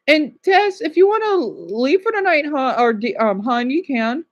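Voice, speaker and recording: A woman streamer chats casually with her viewers while reacting to a clip, greeting them by name. Her voice sits fairly high and swings around a lot in pitch. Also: sing-song, moderate pace, hardly any pauses. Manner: chatty, addresses viewers by name. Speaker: livestream host. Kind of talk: casual chat reacting to a video.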